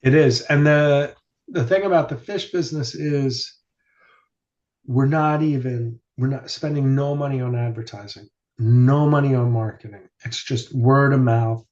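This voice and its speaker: Casual male podcast host, mid-pitched, rambling storyteller, lo-fi mic. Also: measured pace, a little mellow. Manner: rambling storyteller, swears casually, many fillers. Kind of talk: casual chat. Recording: dull lo-fi sound.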